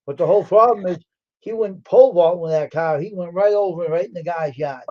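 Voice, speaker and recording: A man's voice: sits high, brisk, no echo. A man co-hosting a casual live stream, telling rambling stories and quoting others with exaggeration. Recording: dull lo-fi audio.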